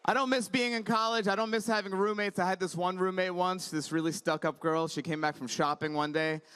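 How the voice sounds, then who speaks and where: A male comedian in his thirties working a conference crowd in a chatty, wry stand-up style. His voice sits high and bright, and it cuts cleanly through a handheld stage mic. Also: fairly even intonation, fairly quick, smooth.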